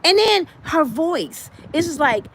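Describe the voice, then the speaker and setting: A woman in her fifties dishes celebrity gossip in a blunt, profane and animated way. Her voice sits high and leaps all over the place. A faint noise hums underneath. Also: slow. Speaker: vlogger.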